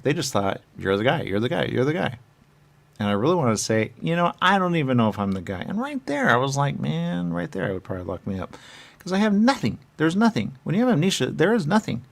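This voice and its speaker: A man telling a rambling improvised comic monologue, laughing often and swinging from shouting to muttering. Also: mid-range voice, gravelly.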